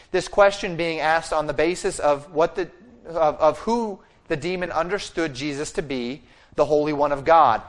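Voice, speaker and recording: A man's voice: a little high, moderate pace. Man preaching a verse-by-verse sermon. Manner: expository preaching with fillers and restarts, acting out quoted speech. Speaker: pastor.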